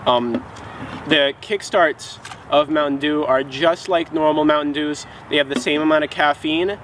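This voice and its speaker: A man's voice: fairly high pitch, fairly even intonation, a little slow, a bit bright, slight background noise, low-quality recording. Sarcastic rambling man reviewing a drink. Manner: sarcastic, rambling, mock-scolding. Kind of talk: rambling comic review vlog.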